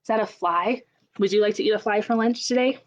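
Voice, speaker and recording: A young woman leading a children's story time, asking slow sing-song questions and making playful animal sounds. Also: mid-range voice. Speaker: children's librarian. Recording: dull lo-fi camera audio.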